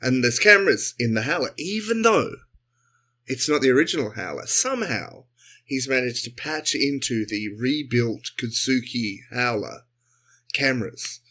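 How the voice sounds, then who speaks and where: A man co-hosting a comedy podcast, improvising a sci-fi story and jumping into quick character voices. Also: mid-range voice. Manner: animated, acts out characters in quick bursts. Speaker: podcast co-host.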